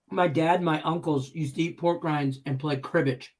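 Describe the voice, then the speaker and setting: Brief: male stream host, slightly high voice, loose and rambling, laughs easily. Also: fairly even intonation, normal speed, few pauses. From Detroit, Michigan. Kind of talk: casual chat on a live betting stream.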